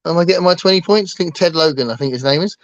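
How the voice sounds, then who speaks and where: A man's voice: on the high side, rapid-fire, no echo. English man co-hosting a casual chat, light voice, dry muffled stream audio. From England. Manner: chatty, self-deprecating, laughs often. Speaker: co-host.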